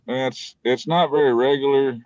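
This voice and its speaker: A man's voice: mid-range voice, fairly even intonation, normal speed, a little mellow. A man chatting casually on a live stream, folksy and rambling, often restarting his sentences. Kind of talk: casual chat. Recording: dull lo-fi call audio.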